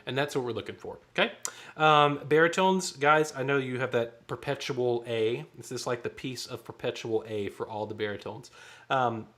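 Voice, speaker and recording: A man's voice: medium pitch, normal speed, fairly bright tone, faint music behind. A man leading a choir rehearsal, counting off beats and singing short phrases to show how they go. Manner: counts off beats and sings lines to demonstrate. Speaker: choir director.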